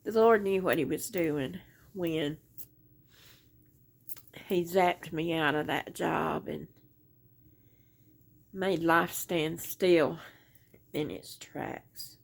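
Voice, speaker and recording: A middle-aged woman tells a long story on her crochet vlog, drifting from one point to the next and circling back with "anyway." Her voice sits low and has a gravelly edge. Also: extremely slow, long pauses. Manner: rambling storyteller, many "um" and "anyway". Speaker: crochet vlogger. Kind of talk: casual rambling chat.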